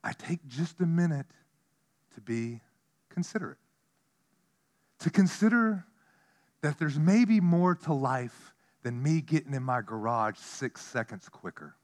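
A man preaching a sermon as pastor, telling stories with animation, dropping to a hush and then rising loud. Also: fairly high pitch, a little slow, pauses often. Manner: animated storytelling, swinging from hushed to loud.

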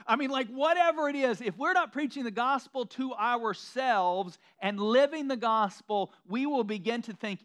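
A pastor preaching a sermon in a conversational, self-deprecating way, slipping into mocking quoted asides. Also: male voice, very high-pitched, moderate pace, hardly any pauses, fairly bright tone.

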